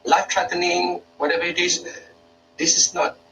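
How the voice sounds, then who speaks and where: A man's voice: high-pitched, little pitch movement, moderate pace, recorded from a distance, background noise. A Malaysian man, a university lecturer, giving an informal workshop talk in a hesitant way, with many fillers and restarts.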